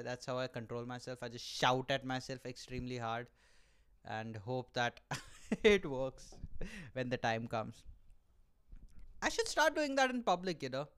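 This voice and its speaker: A young man talks straight into his camera in a loose, comic monologue. His pitch leaps about, and his voice stays smooth and clear. He curses freely and jokes at his own expense. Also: normal speed. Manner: animated and profane, with self-mocking jokes. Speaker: podcast host. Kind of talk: solo comedic podcast monologue. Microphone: camera mic.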